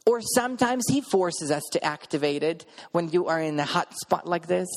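A man's voice: a little high, moderate pace, big-room sound. A man preaching a sermon, earnestly telling a personal story in vivid present tense. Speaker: preacher sharing a testimony.

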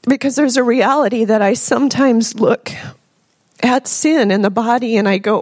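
A woman sharing a heartfelt testimony in church, earnest and laughing softly now and then. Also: fairly high pitch, a little slow, long pauses. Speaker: congregation member sharing a testimony. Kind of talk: spoken testimony.

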